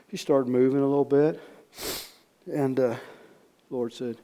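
A man preaching in a storytelling way, folksy and repetitive, swinging from loud re-enactment to hushed asides. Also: mid-range voice, slow pace, long pauses. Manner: repeats words, folksy speech. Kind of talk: storytelling sermon.

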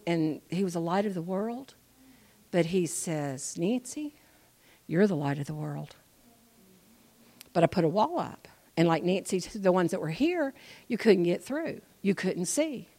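A woman giving an informal church testimony, chatty and animated, moving between quiet asides and loud emphatic preaching. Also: mid-range voice. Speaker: speaker sharing a testimony.

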